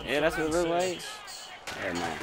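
A young man reacts loudly as he plays a football video game. His voice swings wildly up and down and often breaks into shouts. A roaring stadium crowd from the game plays behind him. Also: a little high, sing-song, normal speed. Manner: loud, swearing, bursts into shouts. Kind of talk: excited live gameplay commentary.

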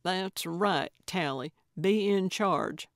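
A woman voicing an elderly, bossy woman sleuth in an audiobook, speaking loudly in slow, emphatic declarations. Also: fairly low pitch, no room sound, studio quality. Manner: loud, emphatic, deliberate declarations. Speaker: audiobook character.

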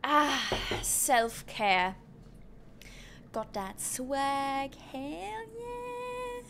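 A high-voiced woman talks unhurriedly through a live game stream, giggling and teasing herself between moves. Her words come slowly, with long pauses, and a faint hiss sits under the recording. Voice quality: giggly, playful, self-mocking. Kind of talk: live gameplay commentary.

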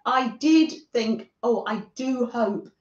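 A woman from northern England who hosts a craft livestream, chatting gently with viewers by name and often laughing as she works. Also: on the high side, takes it slowly. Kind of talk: casual chat with live viewers while crafting. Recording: echoey room, dull lo-fi sound.

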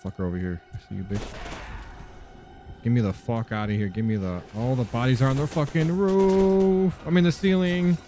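A man's voice: medium pitch, normal speed, warm tone, faint music behind. A young man casually commenting while playing a horror game, reacting with startled, profane outbursts. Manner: jumpy, profane reactions to scares. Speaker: gaming channel host. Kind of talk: let's play commentary.

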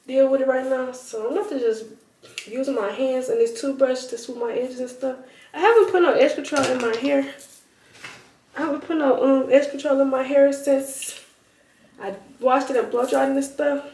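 Teen girl vlogger, high and chatty, casual rambling to camera; roomy, distant phone sound. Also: gravelly, a little mellow. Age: teens. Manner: chatty, rambling, addresses viewers as y'all. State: out of breath at times. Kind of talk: casual vlog talk to camera.

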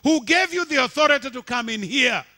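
A preacher doing an indignant, high-pitched Satan. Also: male voice, expressive, brisk, sharp tone, exaggerated voice. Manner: outraged demanding questions. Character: indignant male Satan, baffled and defiant.

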